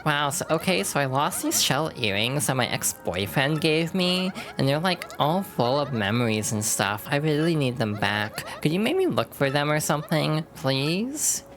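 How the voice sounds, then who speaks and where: A woman voicing a bubbly young valley girl on a game train, high and breathless, with lots of "like". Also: big pitch swings, normal speed, few pauses, faint music behind. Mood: pleading.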